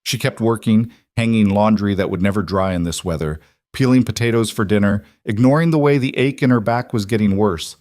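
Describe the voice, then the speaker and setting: A man narrating a frontier romance audiobook in an even, measured storytelling manner. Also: lowish voice, dry recording, clean studio sound.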